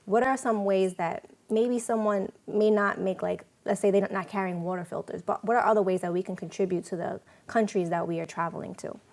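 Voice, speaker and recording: A woman from New York, hosting a talk show, telling stories and quoting people in an animated way. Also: medium pitch, a little fast, hardly any pauses. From New York City. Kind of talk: casual interview talk.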